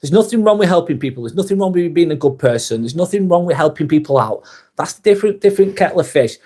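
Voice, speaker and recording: Bloke on a live stream, bit of a higher voice, reads out the chat and swears a lot, blunt and casual. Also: male voice, expressive, quick pace, dark tone. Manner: blunt, swears freely, reads comments aloud and answers them. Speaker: livestream host reading viewer chat.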